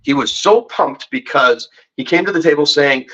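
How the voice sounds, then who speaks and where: Bright-voiced man telling rambling stories. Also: on the high side, normal speed, hardly any pauses, lo-fi sound. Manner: rambling, jokey storyteller who teases the hosts. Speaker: guest poker pro and betting expert. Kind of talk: casual podcast storytelling.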